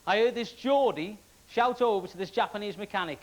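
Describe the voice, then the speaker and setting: A man's voice: high-pitched, fairly quick, rough recording. A man from Wales performing a stand-up comedy routine with punchy joke delivery. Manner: punchy joke delivery, laughing along with the crowd. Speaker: comedian contestant.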